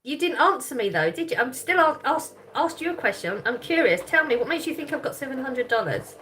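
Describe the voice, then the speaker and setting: A woman's voice: high voice, sing-song, a little fast, fairly bright tone, a little hiss or hum. A woman hosting a live chat stream, reading comments aloud and teasing people, with a lot of laughter. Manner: chatty, teasing, laughs often.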